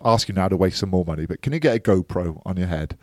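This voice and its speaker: A man co-hosting a podcast in casual chat, teasing his co-host and quick to laugh. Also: sits low, lively intonation, darkish tone, no echo, studio quality.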